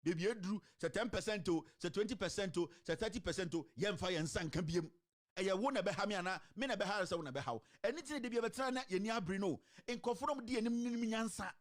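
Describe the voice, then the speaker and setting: A man with a Ghanaian accent giving animated political commentary, mixing a local language with English and firing off rhetorical questions. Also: high voice. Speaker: online commentator.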